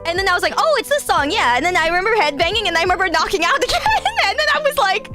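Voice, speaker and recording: A woman's voice: extremely high pitch, racing, soft background music. A woman hosting a casual stream chat, telling stories with lots of laughter and frank swearing. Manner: animated, laughing, swearing freely. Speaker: radio show host, VTuber.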